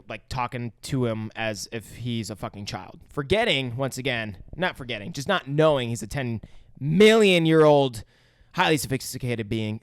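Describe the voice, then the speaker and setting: A man's voice: clear, resonant tone, no echo. A man co-hosting a podcast, casually recapping a film with lots of swearing and acted-out quotes. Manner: swears a lot, acts out quotes in high voices. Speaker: podcast co-host. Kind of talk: casual movie recap chat.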